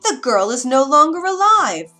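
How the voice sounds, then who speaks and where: A woman's voice: sits high, very animated, moderate pace, sharp tone, faint music behind, pitched above the performer's own voice, heavily acted. A woman voicing a vain, furious evil queen who demands and shrieks in a storybook reading. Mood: raging.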